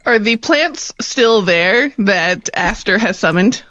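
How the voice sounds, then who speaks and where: A woman playing in a tabletop game, talking in an excited, casual way. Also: medium pitch, takes it slowly, dry recording, dull audio. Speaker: player.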